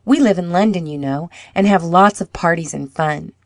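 A woman reading the lines of an eager, boastful schoolboy in a storybook, lifting her voice with excitement. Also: on the low side, normal speed, no room sound, clean studio sound, lightly acted.

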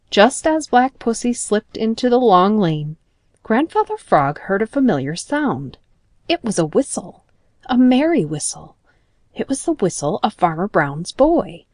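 A woman narrating a children's storybook in a gentle, expressive manner. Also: mid-range voice, a little slow, dry recording.

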